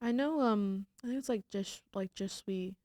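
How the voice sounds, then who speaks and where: A woman's voice: mid-range voice, moderate pace, darkish tone, no echo, studio quality. A young woman from Florida, co-hosting a podcast in casual, rambling chat. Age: young adult. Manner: chatty, rambling storyteller. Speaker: podcast co-host.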